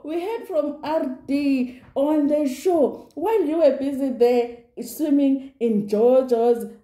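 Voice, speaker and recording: A woman giving a lively, gossipy recap of a reality show. She acts out the quotes and laughs often. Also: a little high. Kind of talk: casual recap commentary. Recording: roomy echo.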